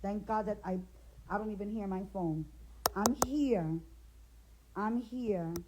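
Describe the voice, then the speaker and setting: A woman's voice: medium pitch, takes it slowly, noisy background. A middle-aged woman, a grandmother, ranting straight to the camera with indignant, confrontational rhetorical questions. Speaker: grandmother speaking out in a family feud. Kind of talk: direct-to-camera rant.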